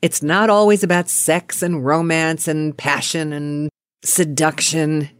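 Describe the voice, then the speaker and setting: A middle-aged woman telling a personal anecdote in a playful, animated way. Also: low voice, slow pace, clean tone, dry recording, clean studio sound. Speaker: storyteller.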